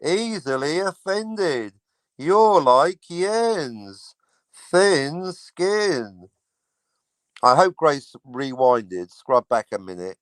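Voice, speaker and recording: A middle-aged man hosts a livestream, ranting sarcastically and swearing freely. His voice sits a touch high. The sound is close and dry, with no room around it. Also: big pitch swings, drawn-out words, dry recording, low-quality recording. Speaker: livestream host. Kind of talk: casual livestream chat.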